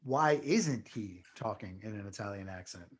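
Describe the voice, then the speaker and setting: A man's voice: fairly low pitch, lively intonation, moderate pace. A man co-hosting a podcast, chatting casually with a dry, wry sense of humor. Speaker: podcast co-host. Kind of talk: casual chat.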